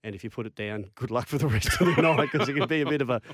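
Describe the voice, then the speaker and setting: This Australian former rugby league player, a man in his fifties, talks very fast in a mid-range voice with no echo. As an interview guest he spins animated yarns, acting out quotes and laughing at his own stories.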